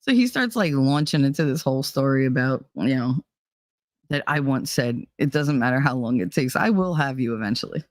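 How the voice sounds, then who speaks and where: A woman's voice: extremely low pitch, animated, brisk, dry recording, clean studio sound. Candid, swearing woman telling a story. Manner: candid, profane, acts out quoted dialogue. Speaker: vlog host. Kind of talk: candid personal storytelling monologue.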